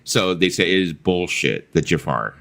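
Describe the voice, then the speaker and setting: A man co-hosting a casual livestream chat, telling stories in a blunt, profane, animated way. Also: low voice, moderate pace, vocal fry. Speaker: co-host of a livestream.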